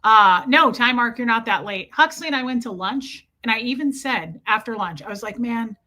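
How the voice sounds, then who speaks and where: A woman hosting a casual livestream from home, greeting viewers by name with quick, chatty asides. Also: fairly high pitch, expressive, pushed and bright. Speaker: livestream host. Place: room at home.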